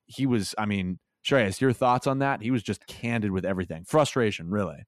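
Laid-back young man with a low voice. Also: a little fast, dry recording, studio quality. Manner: easygoing, laughs between points. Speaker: podcast co-host. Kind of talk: casual sports chat.

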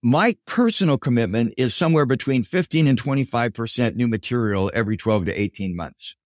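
Animated older man telling stories. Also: medium pitch, brisk, dry recording, studio quality. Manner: animated storyteller, voices quotes in dialogue. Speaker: guest, business professor and executive coach. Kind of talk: storytelling interview answers.

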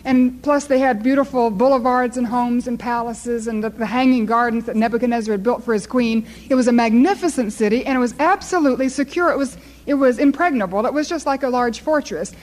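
High-voiced woman preaching a sermon. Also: brisk, few pauses, a little mellow, low-quality recording. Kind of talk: sermon with storytelling.

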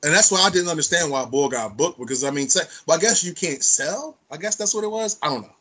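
A man's voice: on the high side, lively intonation, fast, bright, forceful tone, breathy edge. A man co-hosting a podcast, telling stories in blunt, profane casual chat. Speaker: podcast co-host.

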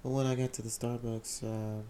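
A young man candidly telling a personal story in casual slang, often halting and repeating his words. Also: mid-range voice, level tone, mellow, slight background noise. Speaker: vlogger sharing a personal story.

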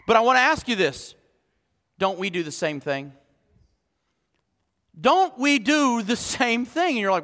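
A male pastor preaching a sermon, animated, moving from quiet asides to shouted emphasis. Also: very high-pitched, normal speed, big-room sound.

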